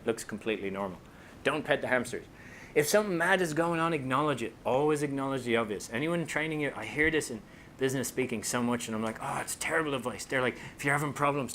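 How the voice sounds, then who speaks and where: A man with an Irish accent giving a comedic talk to an audience as a speaker and author, animated and joking, slipping into voices for quotes. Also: medium pitch, slight background noise. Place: company talk room with a live audience.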